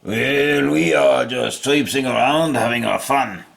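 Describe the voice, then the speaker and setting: A man's voice: medium pitch, measured pace, gravelly, fairly bright tone. A man voicing a cocky Japanese emperor with a put-on Japanese accent, formal and stilted. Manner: formal, stilted, pleased with himself.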